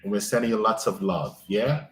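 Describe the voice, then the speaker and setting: A man's voice: on the low side, normal speed. A man hosting a live coaching stream, offering repetitive and affirming spiritual encouragement to a caller. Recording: roomy sound with faint music.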